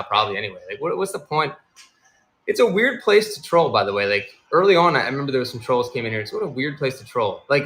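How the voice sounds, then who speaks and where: A man hosting a casual live stream as a seller, talking in a rambling, animated way and acting out the people in his stories. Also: a little high, reverberant. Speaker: livestream seller and host.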